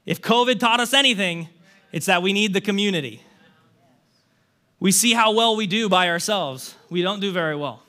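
Preaching a conversational sermon, this male pastor tells the story with animation, tossing out rhetorical questions and a frequent casual "like." His voice sits high and he keeps a moderate pace.

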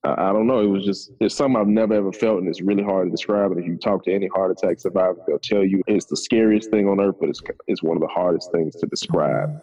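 A man's voice: sits low, quick pace, few pauses, dark tone, muffled recording. A man, a podcast guest telling his story in a laid-back, conversational way. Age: 30s. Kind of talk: casual storytelling.

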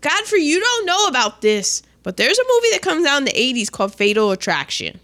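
Retelling a film's plot in casual chat, a woman with a high-pitched, brisk voice gets animated and acts out the lines between laughs.

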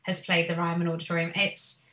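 A woman, a singer, telling stories from her career in a chatty, animated way with many "um"s. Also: lowish voice, fairly quick, recorded from a distance. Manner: animated storyteller, many "um"s, laughs easily. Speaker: guest singer. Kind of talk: casual interview chat.

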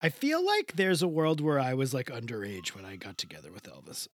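A man's voice: mid-range voice, big pitch swings, a little fast, dry recording, clean studio sound. A man improvising as a bawdy seventy-five-year-old woman in a comedy podcast bit, rambling and crude. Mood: bawdy gossip. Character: bawdy elderly woman playing a famous ex-wife, gossipy, crude.

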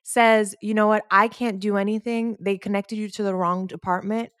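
A woman's voice: normal speed, clear, resonant tone, no room sound. Podcast co-host, woman, 30s, chatty storyteller who acts out each person she quotes; dry, close mic. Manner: animated, quotes others in lowered voice, rises when exasperated. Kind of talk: casual storytelling chat.

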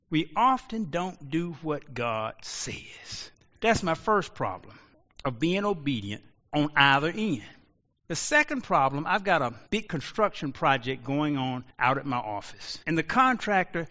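A man preaching a sermon as pastor, rising to shouts and slowing into drawn-out pauses. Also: on the high side. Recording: lo-fi audio with long reverb.

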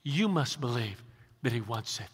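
A man's voice: medium pitch, sing-song, moderate pace, slightly rough. A man in his sixties, a pastor preaching an emphatic sermon and rallying his congregation with questions. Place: large church sanctuary. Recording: long reverb of a large hall.

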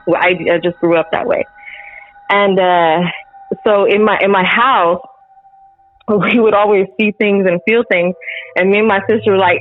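A woman telling a personal story in casual chat, animated and laughing often, acting out the lines she quotes. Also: medium pitch, narrow, tinny audio. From Central Texas. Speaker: guest.

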